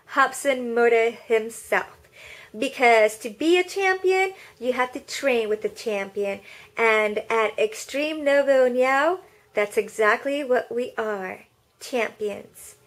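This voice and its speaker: A woman chatting casually to her viewers in a cutesy baby-talk way from her bedroom. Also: a little high. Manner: bubbly and playful. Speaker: vlogger and martial arts student. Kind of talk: casual vlog chat.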